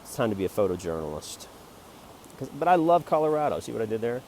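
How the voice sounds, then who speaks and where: A man rambling jokingly about his photo prints in a self-promoting monologue, jumping between loud bursts and quiet mutters. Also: medium pitch, big pitch swings, quick pace, slight background noise. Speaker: amateur photographer selling prints.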